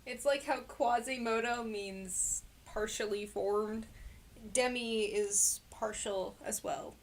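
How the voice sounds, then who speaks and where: A woman explaining slowly in a casual let's-play chat while playing a game. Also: fairly high pitch, steady tone. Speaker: game player voicing characters.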